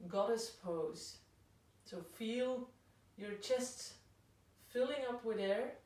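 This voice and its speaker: A woman yoga instructor guiding a class through slow breath cues. Her voice sits slightly high and she takes her time with each instruction. She is heard from across a big, very reverberant room. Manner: slow, calm cueing of breath and poses. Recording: very echoey room, voice from far off.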